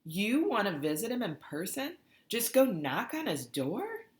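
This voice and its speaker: Audiobook: woman playing a skeptical teen boy, raised pitch, echoey room. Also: very animated, a little slow. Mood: wry. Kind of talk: audiobook character voice. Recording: roomy echoey recording.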